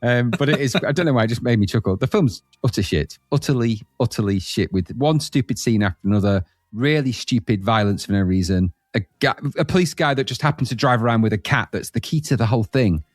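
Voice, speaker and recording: A man's voice: mid-range voice, expressive, fast talker, few pauses, no echo, studio quality. Blunt, laughing podcast man. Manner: blunt, laughing, acts out scenes. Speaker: podcast co-host. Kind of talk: casual retro film chat.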